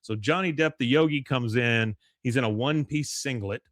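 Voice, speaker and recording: A man casually recapping a cartoon episode on a podcast. His voice sits at a middle pitch, and his talk is loose and rambling. The sound is dry and close, with no room echo. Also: moderate pace, fairly bright tone. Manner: loose, rambling, with frequent uh fillers and crude jokes. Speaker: podcast host.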